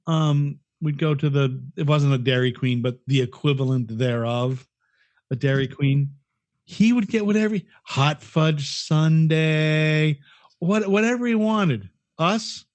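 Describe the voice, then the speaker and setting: A man's voice: a little high, no echo. Dry, close-miked middle-aged man chatting. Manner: profane, rambling, restarts often. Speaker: podcast co-host. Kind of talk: casual chat.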